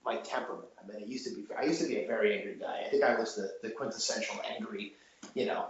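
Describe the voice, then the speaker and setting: Here the thirty-something chef talks very fast in a fairly low voice, wandering through a casual podcast interview with plenty of fillers and false starts. There's faint noise, and the sound is dull and roomy.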